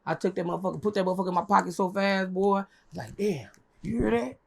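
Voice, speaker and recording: A young woman telling a story as an interview guest, animated and profane, acting out what others said in a high voice. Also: very fast, creaky. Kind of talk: casual storytelling.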